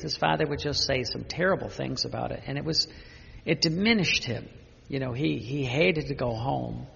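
An older man, a priest, giving an unscripted spiritual talk with personal stories, speaking haltingly with many restarts and fillers. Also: medium pitch, gravelly, a bit bright, husky, long reverb tail, dull audio.

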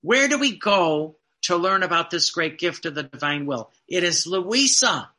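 A man preaching a sermon in an earnest, emphatic way, slowing down to stress key phrases. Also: high-pitched, very animated, sharp tone.

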